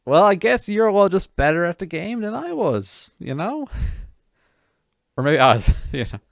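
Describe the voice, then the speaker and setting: A man's voice: high voice, very animated, normal speed, gravelly, no room sound, clean studio sound. A man streaming a game, chatting casually with viewers in a rambling, self-mocking way full of restarts.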